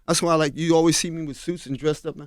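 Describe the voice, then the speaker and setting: A man's voice: steady tone, no room sound. Older New man, close dry studio voice. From Harlem, New York. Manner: unhurried storyteller, often drops to a low confiding tone. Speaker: guest, fashion designer. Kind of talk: storytelling in a radio interview. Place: radio studio. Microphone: studio mic.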